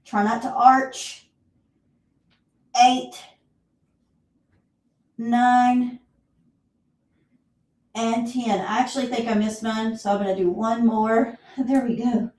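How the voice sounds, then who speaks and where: Slow, mellow Southern woman instructing exercise. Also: a little high, steady tone. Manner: counts reps aloud, encouraging cues, clears throat often. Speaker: fitness instructor. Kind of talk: live exercise class instruction. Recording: roomy echo, voice from far off.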